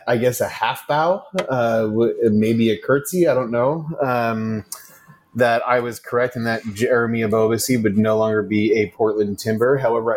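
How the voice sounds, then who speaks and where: An American man co-hosting a casual podcast, rambling and joking at his own expense with lots of fillers. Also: on the low side. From United States. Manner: rambling and self-mocking, many fillers. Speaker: podcast co-host. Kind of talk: casual chat. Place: traveling, recording remotely.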